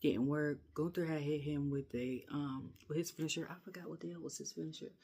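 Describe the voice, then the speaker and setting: Woman ranting casually about last night's show, rambly and animated, laughs a lot. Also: low voice, brisk, slightly rough. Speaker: wrestling reviewer. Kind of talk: casual rant review.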